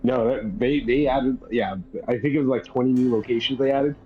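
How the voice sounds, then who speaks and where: A man's voice: medium pitch, steady tone, fairly quick, narrow, tinny audio. A man chatting casually, rambling through an explanation and laughing at his own points. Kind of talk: casual chat.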